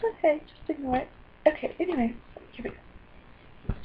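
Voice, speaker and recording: A fairly high-voiced woman rambles through a personal video diary at her computer. She keeps apologizing and jumps between topics, sometimes breaking into excited bursts. The sound is dull and lo-fi, like a built-in webcam mic. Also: normal speed, a little hiss or hum. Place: indoors at a computer.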